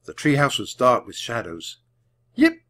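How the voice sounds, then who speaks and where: A man narrating a children's chapter book in a clear, deliberate read-aloud. His pitch sits in the middle range but moves with lots of life. He paces each sentence carefully for language learners. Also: lively intonation, fairly bright tone. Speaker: storybook reader.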